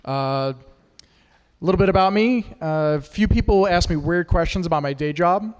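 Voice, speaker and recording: A man's voice: high-pitched, moderate pace, clear, resonant tone, long reverb tail. A man doing a stand-up set at an open mic, crude and self-deprecating as he teases the audience. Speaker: stand-up comic. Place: small performance studio with a live audience.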